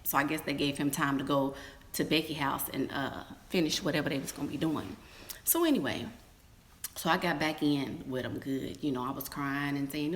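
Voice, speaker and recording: A woman telling a story casually to her viewers, calling them y'all and girl, jumping into squeaky or whispered voices when she quotes people. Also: moderate pace. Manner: animated, acts out quotes in high squeals and whispers. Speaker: storytime vlogger.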